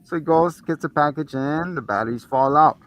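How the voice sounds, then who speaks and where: A movie review show co-host retells the plot in casual chat, swearing heavily and acting out the characters' lines with animation. His slightly high voice moves briskly, and the sound is lo-fi.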